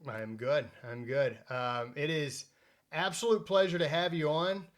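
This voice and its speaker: Brief: male podcast host, slightly high voice, loose and jokey. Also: steady tone, unhurried. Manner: joking, rambling, self-mocking. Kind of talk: casual podcast chat.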